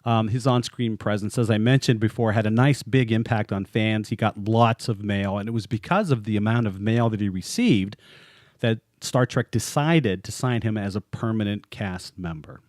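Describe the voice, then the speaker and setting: A man's voice: lowish voice, moderate pace, darkish tone, no echo, clean studio sound. A man co-hosting a podcast in casual, chatty talk, joking and laughing often as he goes. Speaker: podcast co-host.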